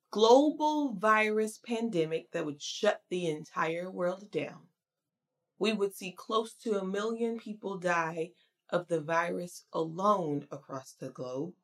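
Woman preacher, unhurried sermon, conversational and emphatic. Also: on the low side.

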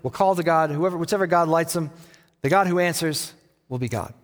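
A man preaching a sermon as a pastor, telling the story in a lively way and acting out the quoted lines with playful taunts. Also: on the high side, fairly quick, long reverb tail.

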